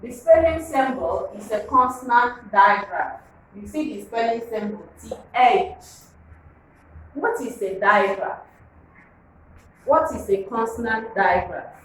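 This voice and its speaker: A woman teaching phonics in a slow, deliberate way, repeating each word and asking listeners to say it back. Her voice sits a little high and comes from some distance from the mic, in a very echoey room with a faint hum behind. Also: lively intonation, a bit bright. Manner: slow, drilling, repeats words and asks to pronounce. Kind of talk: classroom phonics lesson.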